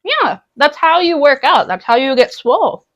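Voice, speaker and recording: A young woman chatting with her live-stream audience from home while she makes brunch. Her voice sits a bit high and swings up and down in lively bursts, and she laughs easily between rambling, chatty remarks. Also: moderate pace. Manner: bubbly, chatty, laughs often, talks to chat. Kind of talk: casual stream chat while cooking.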